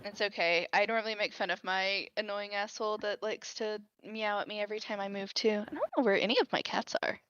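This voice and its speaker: A woman with a bright, forceful voice talks through her character's turn over a voice call, blunt and joking and swearing freely. Her dry, close sound comes through a dull, lo-fi home microphone. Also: mid-range voice, a little fast, few pauses, no echo. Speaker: player. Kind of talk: casual game talk on a voice call.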